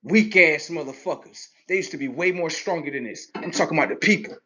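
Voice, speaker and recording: A man in a profane, aggressive street rant, cursing and mocking, swinging between loud outbursts and low mutters. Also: brisk, muffled recording. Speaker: vlogger.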